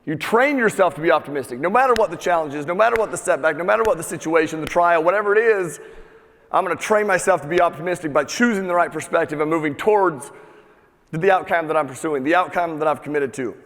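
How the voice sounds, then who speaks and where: A man with a fairly high voice delivers a live motivational talk in a big hall, and long reverb trails each phrase. He talks with energy and swears freely. He has the crowd repeat key words back to him. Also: fast. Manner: energetic, profane, calls for audience repeats. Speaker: motivational speaker.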